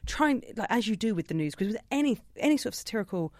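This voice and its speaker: A woman's voice: a little high, lively intonation, quick pace, no echo, studio quality. A woman chatting casually as a podcast co-host, sarcastic and given to comic swearing. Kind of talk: casual chat.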